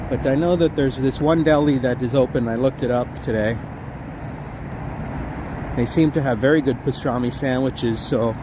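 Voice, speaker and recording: A man chatting casually on a walking live stream, reading viewer comments aloud as he goes. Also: medium pitch. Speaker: livestream walking vlogger. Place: city streets outdoors. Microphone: handheld phone. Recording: outdoor phone stream with street noise. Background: faint traffic and street noise.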